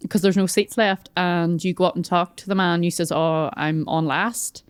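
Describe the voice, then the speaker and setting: A woman co-hosting a podcast, telling a lively story in casual chat and acting out what people said. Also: on the low side, brisk, clean tone, dry recording, studio quality. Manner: lively storyteller, acts out quoted dialogue. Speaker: podcast co-host.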